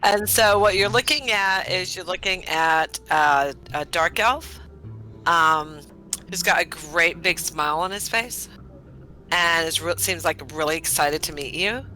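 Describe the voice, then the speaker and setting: A woman's voice: on the low side, a little slow, sharp tone, faint music behind. A woman playing a tabletop game, describing her character with rambling, laughing talk full of fillers. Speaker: player.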